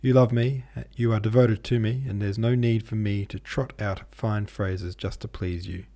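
A man's voice: on the low side, steady tone, normal speed, mellow, natural voice. A man reading the lines of a proud, brooding young man in love, in an intense, self-reproaching way. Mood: impassioned.

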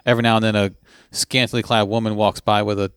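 A man telling a story in casual chat, animated, with his voice jumping up when he quotes people. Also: lowish voice, fast talker, smooth.

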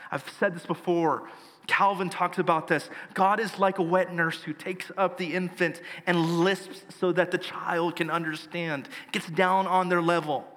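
A man's voice: fairly high pitch, fairly bright tone, in a large hall. A male pastor preaching a sermon, earnest and emphatic, building his points through lists.

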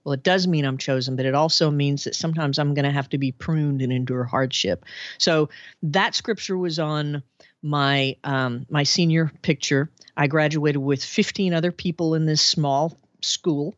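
Low-voiced woman telling stories. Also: normal speed, dry recording, highs cut off. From Arkansas, USA. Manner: animated, chatty, laughs often. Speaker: podcast guest. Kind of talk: casual storytelling interview.

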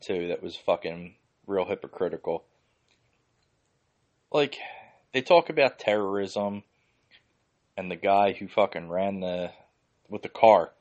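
Low-voiced man ranting with heavy swearing. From Philadelphia. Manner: profane, heated, fillers like "like". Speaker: podcast host. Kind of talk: casual ranting commentary.

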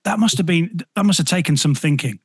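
A male podcast host asking questions with eager, chatty enthusiasm. His pitch rises and falls a lot, and his voice is breathy over a dry, close recording. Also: expressive, a little fast, dry recording. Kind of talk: casual interview.

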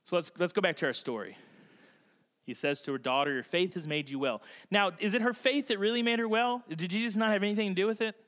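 A male pastor preaching a conversational sermon, slowing down and softening his voice for emphasis. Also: sits high, animated. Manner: acts out voices in quotes. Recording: long reverb of a large hall.

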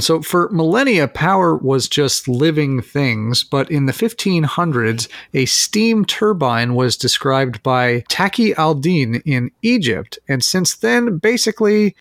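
Lively man explaining with playful asides. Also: on the high side, measured pace, no room sound, studio quality. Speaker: host. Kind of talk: comedic educational podcast chat.

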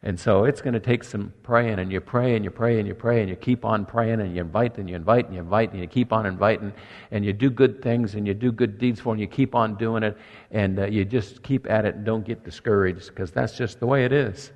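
An older man preaching a sermon as pastor, emphatic, with quiet softer asides. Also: fairly low pitch, steady tone, a little fast, highs cut off. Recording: long echo of a church hall.

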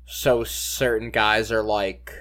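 A man's voice: lowish voice, level tone, slow, fairly bright tone. A man co-hosting a casual sports podcast, rambling and leaning on "like" and "you know". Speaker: podcast co-host.

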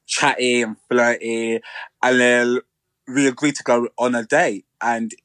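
A man, co-hosting a podcast in a chatty, animated way. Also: medium pitch, a little slow, clear, resonant tone, dry recording. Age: 30s. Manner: chatty, animated, playful mimicry. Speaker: podcast co-host. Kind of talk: casual chat.

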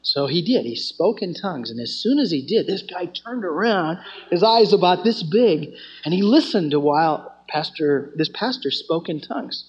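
Husky-voiced man telling a sermon story. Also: high-pitched, animated, moderate pace. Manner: earnest storytelling, often restarting phrases. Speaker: campus ministry teacher. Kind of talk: teaching sermon with stories. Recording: dull lo-fi recording.

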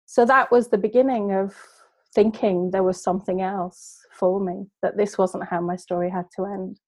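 A woman's voice: medium pitch, fairly even intonation, moderate pace, darkish tone, no echo. A middle-aged woman, a guest who tells a personal story in an earnest, heartfelt way. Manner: earnest, heartfelt, emotional retelling. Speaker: guest, business coach.

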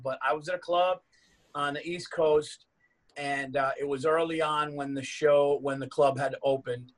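Just a middle-aged stand-up guy, kinda high voice, cussing his way through a club story. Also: rough recording. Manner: animated, swearing, quick asides. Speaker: stand-up comedian. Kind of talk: casual storytelling chat.

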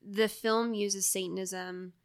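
A woman's voice: mid-range voice, steady tone, takes it slowly, clean tone. A young woman in casual chat, talking through a film reading thoughtfully, with many "like"s and some swearing. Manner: thoughtful, analytical, fillers "like", occasional swearing. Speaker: podcast co-host discussing a film.

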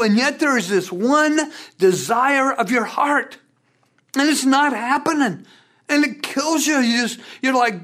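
Animated preacher delivering a sermon. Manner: animated preaching with big pitch swings and repeated words. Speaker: pastor.

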